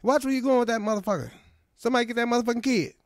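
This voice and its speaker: An irritable middle-aged film tough guy, as a man impersonates him for a radio comedy bit. Every line ends in an indignant, explosive curse. The voice sits high, strained and sharp, in a dry, close sound. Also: very fast, no room sound. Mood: angry. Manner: indignant, explosive profanity-laced outbursts. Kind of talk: comedic impression on a radio podcast.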